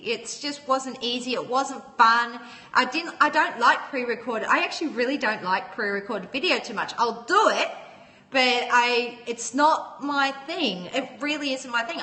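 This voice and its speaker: A woman's voice: on the high side, bright, forceful tone, long reverb tail. A woman hosting a casual livestream, chatting with viewers, greeting them by name and laughing often. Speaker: livestream host. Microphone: phone.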